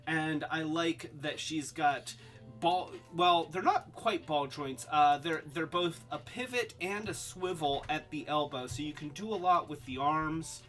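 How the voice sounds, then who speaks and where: A man hosting a casual toy live stream, rambling and halting, with many restarts and fillers, and calling himself by a nickname in the third person. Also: on the high side, fairly bright tone, faint music behind. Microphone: webcam.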